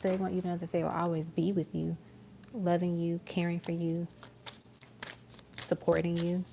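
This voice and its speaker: A woman giving a live-stream tarot reading, talking in a soft, musing way with many fillers. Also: lowish voice, completely flat delivery, moderate pace, vocal fry, slight background noise. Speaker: tarot reader.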